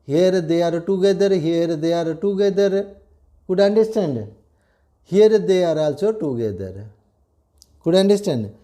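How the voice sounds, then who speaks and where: A man's voice: high voice, expressive, measured pace, pauses often, dark tone. An older man with an Odia accent, a retired headmaster giving a classroom grammar lecture, repeating key phrases and checking that students understand. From India.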